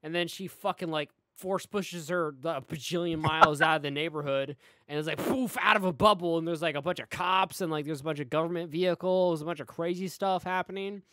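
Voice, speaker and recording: A man's voice: on the high side, brisk, hardly any pauses, pushed and bright, no room sound, clean studio sound. A man co-hosting a casual review chat, retelling scenes loosely with swearing. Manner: loose, profane retelling with quoted voices. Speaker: podcast co-host reviewing a show.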